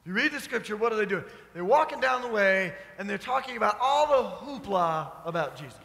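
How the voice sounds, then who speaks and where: A man with a high, bright voice delivers a sermon, moving from scripture reading into a homely story. He talks to the congregation in a conversational way and asks them questions. The voice carries a long reverb from the church hall. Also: expressive, a little fast, creaky. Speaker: pastor. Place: church sanctuary.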